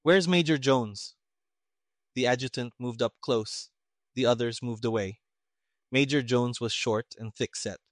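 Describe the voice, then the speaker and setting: A man narrating a mystery story in an even, measured reading. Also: mid-range voice, dry recording, studio quality. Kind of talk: audiobook narration of a pulp mystery.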